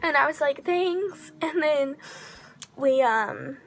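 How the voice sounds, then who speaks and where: High-voiced chatty woman telling a story. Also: takes it slowly, soft background music. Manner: chatty, heavy use of 'like' fillers; excitable, drops into whispers for quoted asides. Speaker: vlogger. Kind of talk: casual storytelling.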